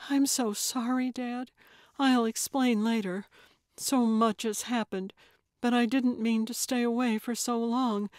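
A woman's voice: a little high, steady tone, unhurried, darkish tone, dry recording, clean studio sound, voice pushed up, lightly acted. A woman voicing an emotional adult daughter coming home, speaking breathlessly. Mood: tearful.

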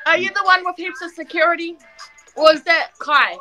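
Teasing high-voiced New woman. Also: brisk, pushed and bright, soft background music. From New Zealand. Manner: teasing, argumentative, talks back. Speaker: video chat stranger.

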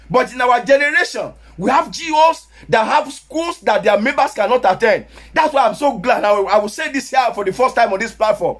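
A man with a Nigerian Yoruba accent, preaching a sermon as pastor, sometimes rising to shouts. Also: very high voice, animated, brisk, few pauses.

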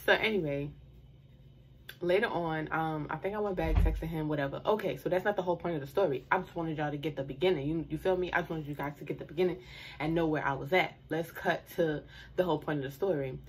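A woman's voice: deep voice, fast, a little hiss or hum. A young woman telling a storytime to her viewers in a casual, slangy way, with asides and laughs.

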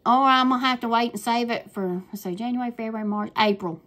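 A woman's voice: fairly high pitch, fast talker, fairly bright tone, slight background noise. An older woman with a Southern US accent, chatting casually and gushing through a craft unboxing with folksy phrasing. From Southern United States. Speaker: crafting YouTuber.

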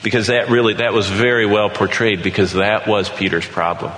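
A man preaching an earnest sermon, slowing down to read scripture aloud. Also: fairly low pitch, fairly even intonation, a bit bright. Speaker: pastor. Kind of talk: sermon teaching. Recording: echoey hall with light background noise.

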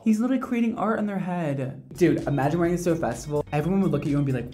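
A man, a hairdresser, giving casual reaction commentary in a sassy, animated way with dramatic exclamations. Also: on the high side, fast, hardly any pauses, over music.

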